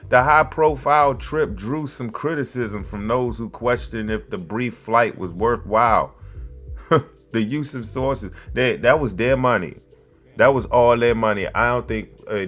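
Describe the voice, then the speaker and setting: Sarcastic man riffing on the news. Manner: sarcastic, profane riffing while reading an article aloud; jumps between flat reading and loud, high outbursts. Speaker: podcast host. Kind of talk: casual news commentary.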